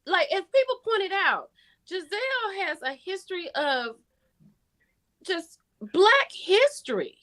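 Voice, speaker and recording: A woman in a casual talk-show chat, chatty and quick to agree, with lots of "like" fillers. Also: extremely high pitch, sing-song, a bit bright.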